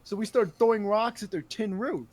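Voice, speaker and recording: A man's voice: high-pitched, normal speed, darkish tone. A young man telling a profane story to friends on a casual podcast, rambling and often laughing. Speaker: podcast host.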